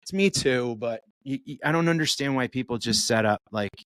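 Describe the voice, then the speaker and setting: A man co-hosting a podcast, telling an animated story with lively swearing and acted-out voices. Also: mid-range voice, a little fast, dry recording, clean studio sound. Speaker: podcast co-host. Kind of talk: casual chat.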